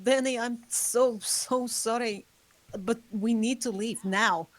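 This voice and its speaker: An urgent, protective woman pushing to leave right away, read by a woman. Her voice sits somewhat high, and she talks in firm, clipped lines. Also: slow pace.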